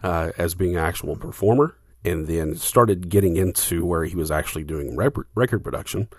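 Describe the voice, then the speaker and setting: A lower-pitched man talks through band history in a loose, chatty way, full of fillers and restarts. The sound is dry and close, with no room around it. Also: animated, normal speed, breathy edge, dry recording. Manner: explanatory, filler-heavy, restarts. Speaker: podcast co-host. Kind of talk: casual music discussion.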